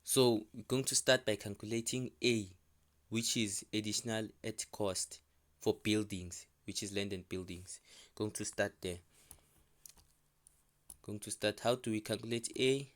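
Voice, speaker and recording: A man teaching an accounting lesson as a screen-recorded voice-over, walking through a question paper step by step and repeating each figure slowly. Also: fairly low pitch, steady tone. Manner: repetitive, restating figures slowly. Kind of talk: step-by-step tutorial explanation.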